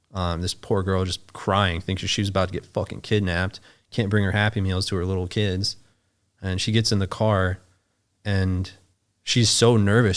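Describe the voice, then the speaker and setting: A man with a low, deep speaking voice recounts a story as a podcast guest. He talks casually, circles back, restarts his sentences and swears freely. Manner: rambling, self-interrupting, swears freely. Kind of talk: conversational storytelling.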